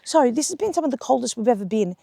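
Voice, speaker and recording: Husky-voiced Australian woman vlogging, sick. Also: on the high side, expressive, dark tone, no echo, clean studio sound. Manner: chatty and upbeat, quick asides. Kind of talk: casual vlog talk to camera. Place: outdoors at a lakeside campsite.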